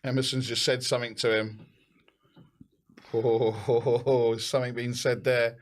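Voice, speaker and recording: A young man hosting a live football watch-along, excitable and shouting encouragement. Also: medium pitch, unhurried.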